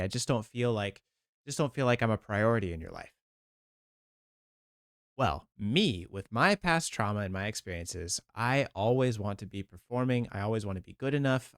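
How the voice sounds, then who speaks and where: Male therapist host, low pitch, earnest reaction commentary in a dry room. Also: a bit bright, no echo. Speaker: therapist hosting a video channel.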